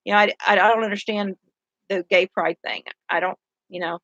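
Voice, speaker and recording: A tired middle-aged woman, a city council candidate, speaks with a drawl in a medium-pitched, steady, slightly bright voice at a brisk pace. In a casual monologue she rambles earnestly through her views, circling back and restarting sentences often. The audio is dull and lo-fi, dry and close with no room echo.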